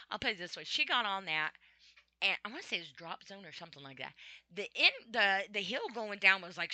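A woman's voice: on the low side, bright, forceful tone, no room sound. A middle-aged woman talking about her life in a casual personal monologue, chatty and full of ums and laughs. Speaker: vlogger.

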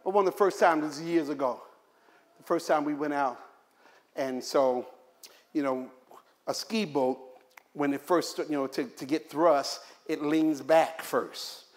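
A man's voice: a little high, measured pace. A male pastor preaching a sermon, mixing humorous personal stories with repeated, emphatic points. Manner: animated storytelling, humorous asides, repetitive emphasis.

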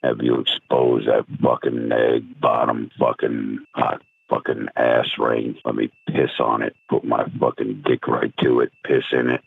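A man's voice: dry recording, exaggerated voice. A man voicing a crude, menacing male monster in a growling, obscene voicemail. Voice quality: gravelly, extremely deep. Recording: tinny phone-line voicemail.

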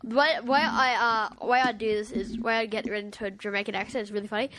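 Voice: mid-range voice, fairly even intonation, fast talker, noisy background. A podcast co-host chatting casually, rambling through explanations and tech news.

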